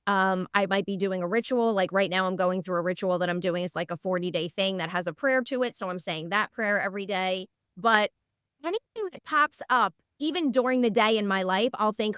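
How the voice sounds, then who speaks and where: A woman guest on a podcast, chatting casually and telling stories in an animated, earnest way. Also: medium pitch, a little fast, smooth, no echo, studio quality. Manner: animated storyteller, lively and earnest. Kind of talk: casual interview chat.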